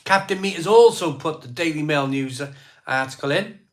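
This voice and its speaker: Brief: male live-stream host, fairly high voice, rattles through viewer comments casually. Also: lively intonation. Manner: rattles off viewer places and beers in quick lists.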